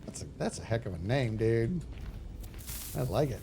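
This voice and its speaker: A man's voice: medium pitch, animated, moderate pace, vocal fry, warm tone, a little hiss or hum. A man streaming a game live, chatting in a rambling, self-mocking way as he thinks aloud. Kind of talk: live gaming stream chat.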